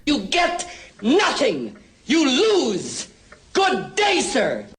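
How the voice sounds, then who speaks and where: An eccentric, haughty candy-maker, as a man puts him on, dismisses someone in a slow, sing-song scold. The voice sits high and leaps all over, each word stretched out. A faint hiss runs underneath. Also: huge pitch swings, a bit bright, exaggerated voice. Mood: dismissive.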